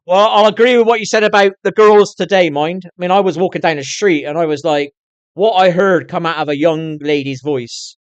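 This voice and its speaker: A man's voice: sits high, fairly quick, smooth, no echo. A middle-aged man chatting to his viewers on a live stream, swearing constantly and rambling on in a candid way. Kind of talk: casual rambling chat to viewers.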